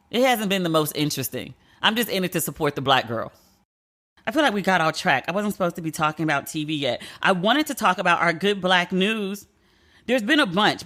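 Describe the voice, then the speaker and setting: A woman's voice: fairly low pitch, a bit bright. A woman hosting her own podcast, talking on her own in a candid, chatty way and swearing freely. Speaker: podcast host. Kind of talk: casual solo podcast chat.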